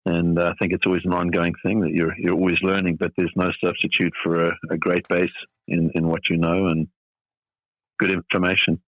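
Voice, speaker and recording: A middle-aged man from South Africa speaks as a podcast guest in a very low voice. He talks in a thoughtful, rambling way, full of fillers. The sound is dull and dry. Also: level tone, brisk, no room sound. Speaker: tennis coach guest. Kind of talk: reflective podcast interview.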